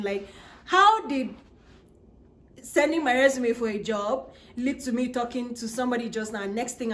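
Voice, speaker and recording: A woman vlogger telling a personal story in a casual, animated way, acting out her own replies. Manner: animated, acts out her own quoted replies with rising pitch. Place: living in Canada.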